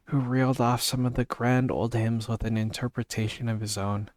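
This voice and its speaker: A man's voice: medium pitch, fairly even intonation, moderate pace, a little mellow, dry recording. A man streaming a casual read-aloud of a story, reading steadily with restarts and brief asides.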